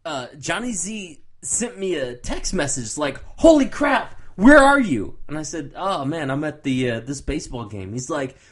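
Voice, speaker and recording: A young man co-hosting a casual podcast, his fairly high voice swinging up and down. He tells his stories with animated delivery and laughs easily. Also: moderate pace, hardly any pauses. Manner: lively, laughing storyteller. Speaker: podcast co-host. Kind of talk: casual chat.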